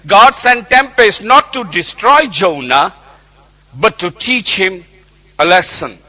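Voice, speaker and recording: High, bright-voiced male preacher. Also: lively intonation, slow pace. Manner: emphatic, repeats key phrases. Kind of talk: sermon.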